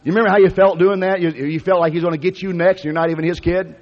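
High-voiced folksy preacher in a hall. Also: male voice, steady tone, very fast. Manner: folksy, conversational storytelling with repeated restarts. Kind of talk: storytelling sermon. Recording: lo-fi recording with long hall reverb.

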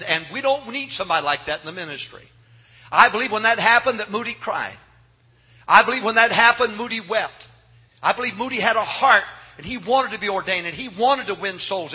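Male revival preacher, husky and bright, hushed-to-shouting delivery. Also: high voice. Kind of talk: revival sermon. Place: church sanctuary.

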